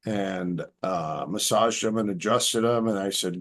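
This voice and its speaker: Low-voiced man telling rambling stories. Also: normal speed, few pauses, fairly bright tone. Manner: rambling anecdotes with acted-out quotes. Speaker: podcast guest. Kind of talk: casual storytelling.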